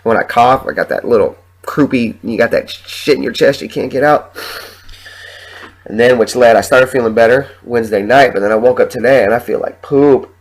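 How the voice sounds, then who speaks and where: A man's voice: medium pitch, normal speed, poor audio. A sick man hosting a podcast, ranting in heated, profanity-laden stories and coughing from a sore chest. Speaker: podcast host. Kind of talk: casual ranting monologue.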